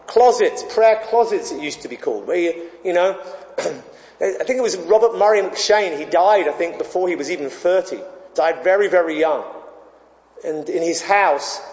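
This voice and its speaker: A man's voice: a little high, darkish tone. A man preaching a sermon as a pastor, conversational and given to digressions. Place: church. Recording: echoey hall, dull sound.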